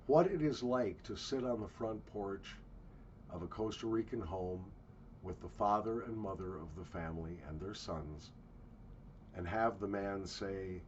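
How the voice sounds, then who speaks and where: A man with a fairly low voice rants and tells travel stories in a blunt, profane way. He is walking outdoors. The recording is slightly muffled, with faint ambient noise behind him. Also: normal speed, darkish tone. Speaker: travel vlogger. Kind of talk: ranting travel monologue.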